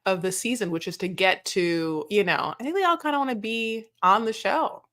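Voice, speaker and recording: A young woman in a casual recap chat, speaking at a middle pitch. She jokes, swears offhandedly and acts out lines from the show as she retells scenes. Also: moderate pace, fairly bright tone. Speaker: podcast co-host.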